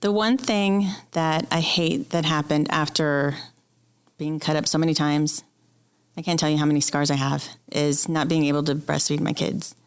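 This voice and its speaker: A woman's voice: deep voice, fairly even intonation, moderate pace, clear, resonant tone. A woman guest speaking candidly and with emotion in an interview, telling a personal story.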